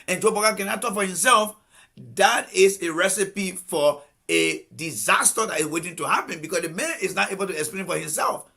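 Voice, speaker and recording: A combative man with a Liberian accent delivering political commentary on a live stream. His voice sits high and gravelly, with a bright, husky edge. He hammers his points home with repeated rhetorical questions. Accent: Liberian English.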